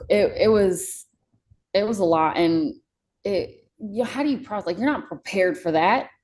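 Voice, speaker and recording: A woman's voice: medium pitch, normal speed, a little mellow, low-quality recording. A young woman, a podcast guest, telling a personal story in a candid, casual way and swearing freely.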